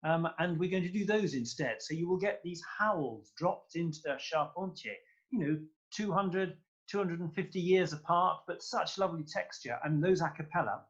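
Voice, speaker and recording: Male guest conductor, effusive and rambling, slightly higher voice, lo-fi call sound. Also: normal speed, fairly bright tone. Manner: enthusiastic, effusive, rambling with fillers. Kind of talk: casual interview chat.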